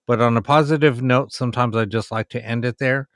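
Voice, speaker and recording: A man's voice: medium pitch, fairly even intonation, a little fast, a bit bright, dry recording, studio quality. A man hosting a late-night ghost box livestream, talking casually with many ums and sounding tired.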